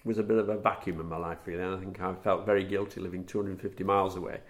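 A middle-aged man, a former footballer, recalling anecdotes in a relaxed interview, chuckling at his own stories. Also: low voice, racing. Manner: warm storyteller, chuckles at his own tales.

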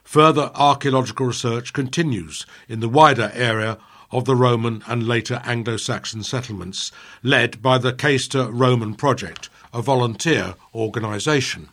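A man reads a local history piece he wrote, keeping a steady, measured pace. His voice has a slightly husky edge and a middling pitch. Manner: measured, steady reading with small slips. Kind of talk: reading a prepared history piece.

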